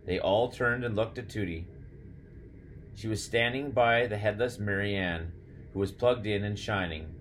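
A man narrating an audiobook in a steady, measured storytelling manner. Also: lowish voice, slight background noise. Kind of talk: scripted narration.

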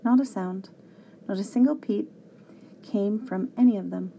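A woman narrating a children's storybook aloud with an expressive read-aloud delivery. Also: mid-range voice, a little slow, gravelly, slight background noise.

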